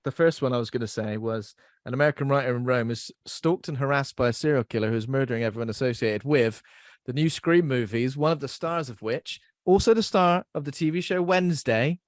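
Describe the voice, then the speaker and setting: A man's voice: mid-range voice, fairly quick, no room sound, studio quality. A young man hosting a podcast in casual chat, rambling and self-deprecating as he laughs at his own jokes. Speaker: podcast host.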